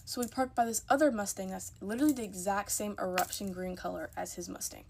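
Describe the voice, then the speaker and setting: A woman's voice: mid-range voice, steady tone, fast talker, gravelly, darkish tone, a little hiss or hum. A young woman telling a casual storytime into her phone, chatty and emphatic, acting out the people in her story.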